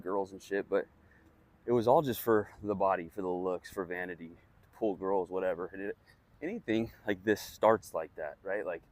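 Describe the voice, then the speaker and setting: A young man talking bluntly and casually to camera, swearing often and padding his thoughts with fillers as he shares self-help reflections. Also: lowish voice. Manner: blunt, profane, conversational, heavy on fillers. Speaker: vlogger sharing personal growth.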